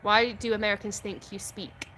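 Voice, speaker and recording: A woman's voice: mid-range voice, little pitch movement, moderate pace, pushed and bright, a little hiss or hum. A British woman from the UK hosting a casual live stream at home, reading viewer comments aloud and answering them frankly, often laughing. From United Kingdom.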